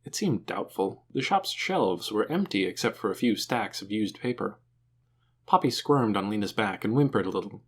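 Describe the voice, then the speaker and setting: Expressive male audiobook narrator. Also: lowish voice, normal speed, slightly rough. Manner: expressive, animated reading.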